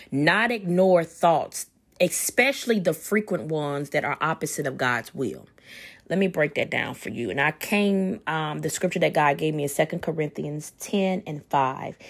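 A woman giving an informal sermon, animated and excited, with casual slang. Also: deep voice. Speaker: preacher.

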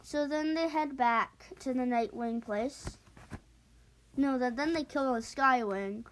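A woman casually retelling a book plot in a rambling, hurried way with many fillers. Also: high-pitched, slight background noise.

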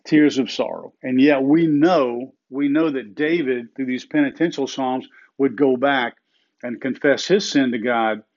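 A middle-aged man preaching a sermon in an earnest way, slowing down and repeating phrases for emphasis. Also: mid-range voice, dull audio. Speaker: pastor.

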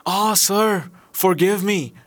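A man's voice: on the high side, a little slow, bright, forceful tone, no room sound. A man voicing a terrified male merchant in a storybook reading, pleading with trembling urgency. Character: terrified male merchant begging for his life.

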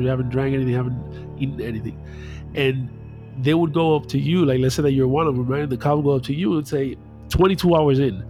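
A man retelling a story in casual chat, loose and profane, acting out the voices. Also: mid-range voice.

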